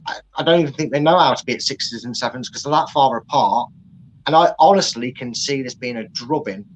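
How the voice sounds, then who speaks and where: A man, co-hosting a casual football chat and giving rambling, animated opinions. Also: mid-range voice, brisk, poor audio. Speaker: co-host.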